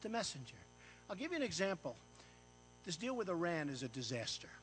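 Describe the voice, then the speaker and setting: A man's voice: a little high, very animated, fairly quick, a bit bright, slight background noise. An American man giving a boastful, repetitive off-the-cuff speech to an audience in an event room. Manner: boastful, repetitive, punchy phrases. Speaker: paid speaker.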